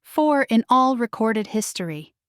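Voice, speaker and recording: A powerful, protective werewolf alpha of a romance story speaks low and firm, as a woman narrator reads him. The lines come slowly and evenly, in a dry, close sound with no room around them. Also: expressive, no room sound. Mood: tender. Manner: low, quiet, firm delivery.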